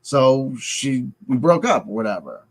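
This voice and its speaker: A middle-aged man talking through a personal confession in a halting, rambling way, full of restarts and filler words, wearing headphones. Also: medium pitch, very animated, poor audio. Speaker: vlogger. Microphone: headset headphones.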